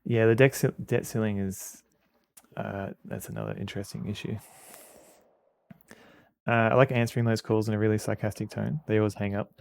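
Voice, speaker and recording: A man with an Australian accent streaming a game, chatting casually in a halting, rambling way with many fillers. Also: on the low side, lively intonation, creaky, darkish tone. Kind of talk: casual commentary while playing a game.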